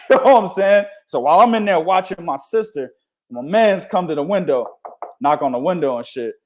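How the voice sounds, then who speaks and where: Animated, profane man on a podcast. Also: high-pitched, a little fast. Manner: profane, animated, storytelling with slang. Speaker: podcast co-host. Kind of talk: casual boxing podcast banter.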